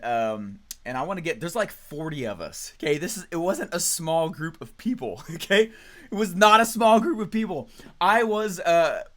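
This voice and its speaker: High-energy man in his thirties. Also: fairly bright tone. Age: 30s. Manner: high energy, storytelling, frequent "right?" and "okay?". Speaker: trainer. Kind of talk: energetic motivational training talk.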